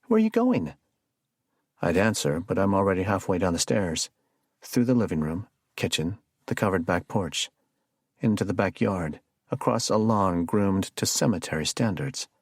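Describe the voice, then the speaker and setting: A low-voiced man reads a first-person thriller with a gravelly, husky texture and a lively, rising-and-falling delivery. The recording is dry and close, without room sound. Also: normal speed, no echo. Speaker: audiobook narrator.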